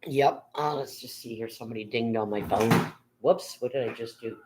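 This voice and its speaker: A woman's voice: very deep voice, normal speed, darkish tone, a little hiss or hum, low-quality recording. An older woman hosting a casual livestream from home, rambling and reading viewers' comments aloud with casual swearing. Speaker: livestream host.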